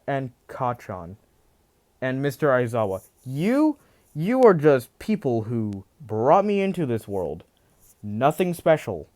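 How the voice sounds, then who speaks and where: A man voicing an unhinged young male hero, loud and mocking as he tells a fan story aloud. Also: high voice, voice pushed up. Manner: loud, mocking, laughing wildly.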